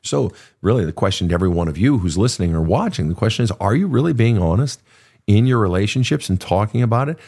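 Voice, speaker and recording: Older male therapist-host, low voice, very lively pitch, profane and conversational. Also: fast talker, creaky, breathy edge. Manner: animated, profane, storytelling with acted quotes. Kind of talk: casual advice talk.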